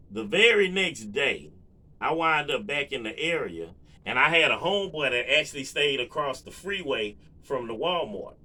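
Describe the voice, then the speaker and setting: Laid-back dude w/ rambling a story to the cam, um's and you-knows everywhere, bright voice. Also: male voice, mid-range voice. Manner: relaxed, rambling, lots of fillers and asides to viewers. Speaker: vlogger. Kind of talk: casual storytelling to camera.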